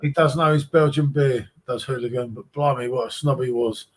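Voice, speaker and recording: A man's voice: medium pitch, fairly even intonation, fairly quick. A man in casual chat on a beer stream, bantering, mocking and swearing.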